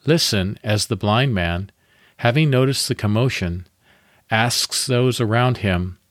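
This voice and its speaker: A man hosting a devotional podcast, reading a guided Bible meditation in a calm, measured way with pauses. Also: fairly low pitch, no echo, clean studio sound.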